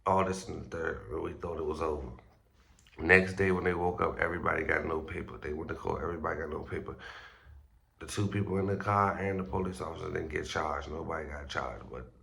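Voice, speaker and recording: Very deep, gravelly male vlogger. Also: steady tone, fairly quick, sharp tone. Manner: loose, slangy and profane, with stumbles and restarts. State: groggy, just woke up. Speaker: street news blogger host. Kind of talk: casual vlog commentary.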